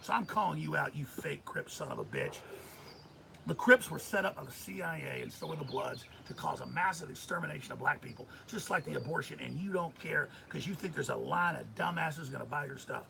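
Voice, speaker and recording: Middle-aged guy ranting on a live stream, raspy gravelly voice, faint hiss behind. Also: a little high, expressive, fairly quick. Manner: loud, ranting, swings between shouting and muttering. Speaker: host. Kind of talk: heated live-stream rant.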